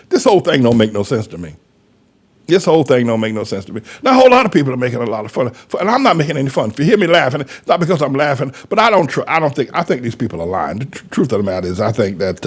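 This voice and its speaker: A man, a pastor, rambling through a folksy commentary monologue with chuckling asides. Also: a little high.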